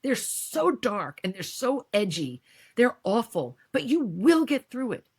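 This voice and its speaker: A woman's voice: on the high side, measured pace, breathy edge. A middle-aged American woman, a podcast guest, speaking candidly and emotionally in a conversational interview. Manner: emotional, candid, animated when quoting others.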